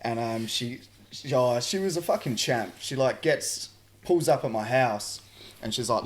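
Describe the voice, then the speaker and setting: A man's voice: mid-range voice, measured pace. Laid-back young Australian man yarning. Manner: relaxed, laid-back storytelling with frequent "like" and swearing. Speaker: podcast host. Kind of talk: casual chat.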